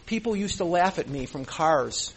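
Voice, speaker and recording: High-voiced man giving an emotional talk. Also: lively intonation, moderate pace, a little hiss or hum. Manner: earnest, repeats phrases for emphasis; emotional, close to tears. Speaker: recovery meeting speaker. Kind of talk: impassioned speech to a meeting.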